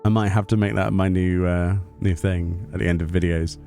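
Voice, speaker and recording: A man's voice: low voice, fairly even intonation, normal speed, darkish tone, soft background music. A man giving casual commentary while streaming a game, with wry, self-mocking asides. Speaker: gameplay streamer. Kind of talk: casual let's-play commentary.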